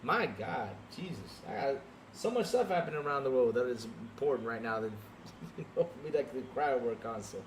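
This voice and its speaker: A young adult man hosting a live podcast stream, talking straight to his chat in an animated, repetitive way. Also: medium pitch, a little fast, slight background noise. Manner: animated, talks straight to chat, repeats himself. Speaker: podcast host.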